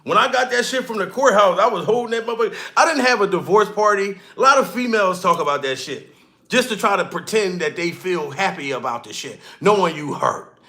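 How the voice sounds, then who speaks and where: Loud high-voiced man ranting. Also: expressive, fairly quick. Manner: loud, rowdy, laughing, swearing. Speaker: comedy commentator. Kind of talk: profane reaction commentary.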